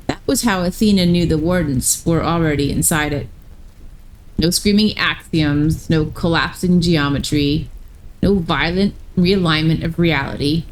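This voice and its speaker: A woman streamer reading a story aloud live, slow and measured, with brief asides to her chat. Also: low voice, slight background noise, poor audio.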